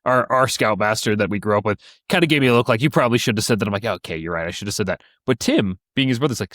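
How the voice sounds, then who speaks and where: A man's voice: on the low side, rapid-fire, hardly any pauses, no room sound, studio quality. A young man in his twenties, co-hosting a podcast in casual chat, who tells stories with energy and acts out the voices of the people in them. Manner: animated storyteller, acts out voices, laughs often. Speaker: podcast co-host.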